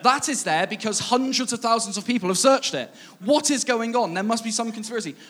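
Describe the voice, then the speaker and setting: A man giving a casual, humorous sermon, laughing and growing excited as he jokes with the congregation. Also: very high-pitched, a little fast. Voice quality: playful, laughing, rising excitement when amused. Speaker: preacher.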